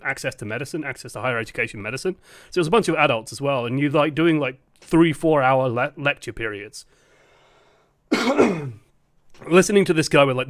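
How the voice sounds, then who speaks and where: Young man, casual esports analyst, bright voice, swears freely. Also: mid-range voice, no echo. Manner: chatty, swears freely, animated asides. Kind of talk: casual match breakdown commentary.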